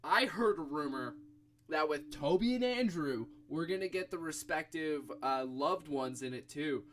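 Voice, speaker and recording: A young man co-hosting a casual podcast chat, animated and thinking aloud with fillers as he goes. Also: fairly high pitch, measured pace, a little hiss or hum. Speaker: podcast co-host.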